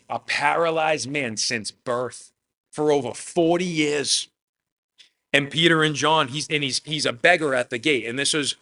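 A man preaching a sermon, telling a Bible story with animated swings from hushed to loud, often adding "man". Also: mid-range voice. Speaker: pastor.

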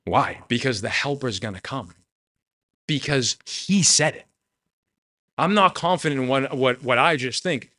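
A man preaching a heartfelt sermon at a middle pitch. He talks with earnest emotion, lifting his voice to retell a story and dropping it low to press a point home. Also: a little slow, pauses often, sharp tone. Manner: earnest, emotional, tearful at moments.

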